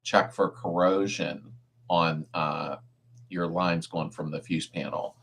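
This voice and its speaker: A man's voice: low voice, fairly even intonation, takes it slowly, vocal fry, fairly bright tone, slightly rough. A middle-aged man hosting a casual live-stream chat, reading viewer comments aloud and answering car repair questions in an easygoing way. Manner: laid-back, chuckles often, answers car questions.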